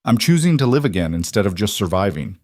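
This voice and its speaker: A man voicing a steady, protective widowed rancher in his thirties in a storybook western. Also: fairly low pitch, quick pace, no echo, clean studio sound. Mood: earnest.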